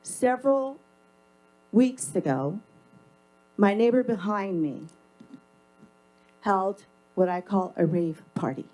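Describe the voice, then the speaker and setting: A woman's voice: medium pitch, animated, slow pace, pauses often, warm tone, low-quality recording. A woman giving a public comment at a council meeting, speaking into a podium mic in an emphatic, confrontational and sarcastic way. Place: council chamber.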